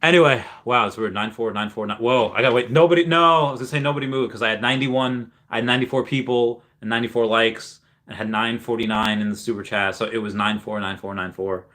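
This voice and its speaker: A man's voice: medium pitch, steady tone, fast, hardly any pauses, a bit bright. A young man hosting a casual livestream, rambling with many fillers and restarts while reading viewer chat aloud. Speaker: livestream host.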